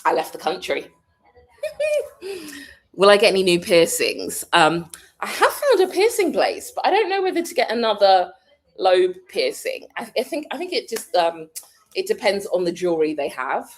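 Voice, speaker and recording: A British woman from the United Kingdom chats casually with her live audience, answering questions and laughing often as she thinks out loud. Her mid-range voice moves through big pitch swings at a normal speed.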